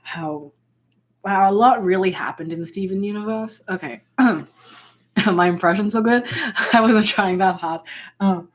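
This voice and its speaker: A woman's voice: mid-range voice, a little slow, pauses often. A woman giving a casual ukulele lesson, rambling and restarting often, with many fillers as she explains chords. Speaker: ukulele tutor. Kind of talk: casual music tutorial. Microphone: ukulele played alongside.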